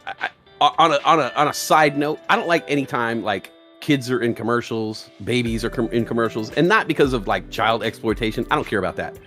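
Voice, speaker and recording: A man's voice: medium pitch, fairly quick, a bit bright, faint music behind. A man co-hosting a live stream in casual chat, ranting comically about pet peeves. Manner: comic ranting, goes off on tangents, does silly voices.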